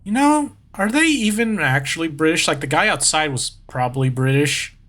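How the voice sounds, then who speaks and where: Man, gaming vtuber, casual commentary, rambling, self-mocking, fairly high voice. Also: animated, normal speed, sharp tone. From United States. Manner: rambling, jokey, laughs at himself. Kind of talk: casual let's play commentary.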